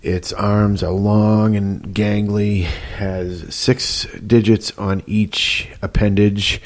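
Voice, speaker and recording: A man from Massachusetts with a very low voice talks through the show at an easy pace. He co-hosts in a relaxed way and pauses now and then with fillers. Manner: relaxed, conversational, with hesitations. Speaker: co-host. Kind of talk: casual podcast chat.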